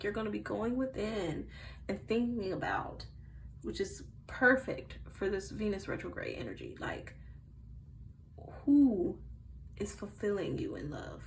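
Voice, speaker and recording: A woman giving a casual tarot card reading to her viewers in a chatty way, swinging from soft murmurs to loud bursts. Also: mid-range voice, slight background noise, low-quality recording. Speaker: tarot reader.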